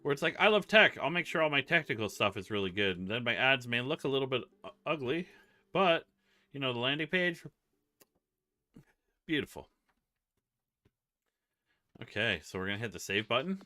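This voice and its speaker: A man hosting a casual livestream, rambling and telling stories with quick voice impressions. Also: mid-range voice, animated, sharp tone. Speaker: livestream host.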